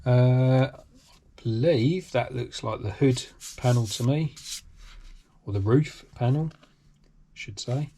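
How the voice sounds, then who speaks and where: A man's voice: medium pitch, takes it slowly, pauses often, mellow. Rambling British man unboxing hobby parts. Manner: rambling, lots of ums and restarts, enthusiastic. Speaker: RC hobby channel host. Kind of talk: casual unboxing commentary. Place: home workshop.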